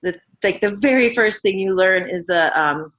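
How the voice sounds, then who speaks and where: Woman podcast host, mid-pitch, chatty, rambling interviewer. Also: moderate pace, fairly bright tone. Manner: chatty, rambling, many fillers.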